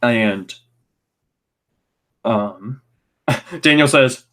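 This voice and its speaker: A man at a middle pitch hosts a casual podcast, recapping in a loose, sarcastic rant. He curses freely and sounds fed up. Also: lively intonation, measured pace, fairly bright tone. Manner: ranting, sarcastic, swears freely. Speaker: podcast host. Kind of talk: casual wrestling review podcast.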